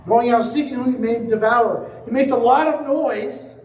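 Male preacher, high voice, sermon delivery with acted-out story, echoey hall mic. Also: moderate pace, darkish tone, a little hiss or hum. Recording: echoey room from a distance.

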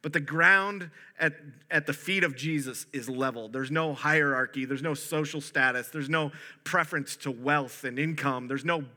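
Bright-voiced male pastor preaching conversationally. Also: fairly high pitch, normal speed. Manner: conversational, animated, with frequent restarts. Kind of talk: sermon.

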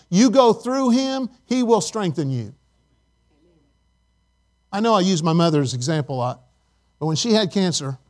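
Animated higher-voiced male preacher. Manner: animated preaching that swings from loud emphasis to soft, hushed asides. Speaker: pastor. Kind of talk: sermon.

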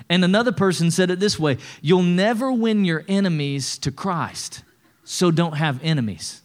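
A middle-aged pastor preaching a sermon to his church in a relaxed, joking way, asking the congregation for responses. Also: high-pitched, moderate pace. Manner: conversational preaching with call-and-response and humor. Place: church sanctuary stage.

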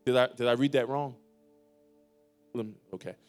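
A man pastor preaching a sermon in a church, building to emphatic, louder lines and dropping to quiet, drawn-out pleas. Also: medium pitch, steady tone, soft background music. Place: church sanctuary.

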